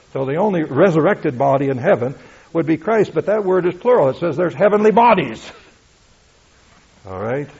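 A man preaches an emphatic sermon, teaching scripture and pausing on rhetorical checks with his listeners. His voice is gravelly and husky. The recording sounds dull and lo-fi. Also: medium pitch, a little mellow. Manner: emphatic, rhetorical asides like "you see?" and "all right?".

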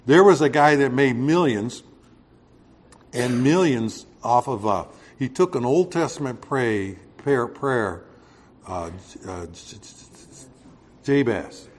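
A man's voice: mid-range voice, expressive, slow. Texan male pastor, mid-range voice, casual verse-by-verse preaching with emphatic peaks. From Texas. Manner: conversational preaching, rising emphatic on key points. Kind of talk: sermon.

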